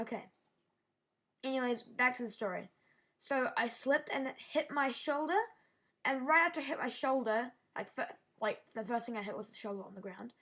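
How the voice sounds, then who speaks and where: A woman vlogging a personal story in a halting way, often restarting her sentences and sounding shaken. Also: on the high side, fairly bright tone. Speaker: YouTuber. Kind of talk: casual storytelling vlog.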